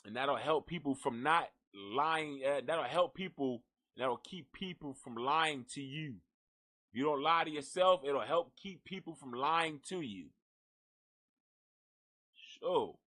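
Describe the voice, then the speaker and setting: A man's voice: on the high side, lively intonation, a little slow, bright, forceful tone. A man hosting a live gossip stream, rambling and cursing in a jokey, casual way as he signs off. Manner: profane, rambling, jokey, talks to an unseen donkey.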